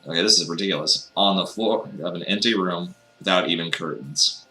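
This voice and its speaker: A man's voice: sits low, fairly quick, pushed and bright, faint music behind. A man reading a visual novel aloud and cracking sarcastic jokes between the lines. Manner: wry, mocking, jokey. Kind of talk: comedic reading with sarcastic asides.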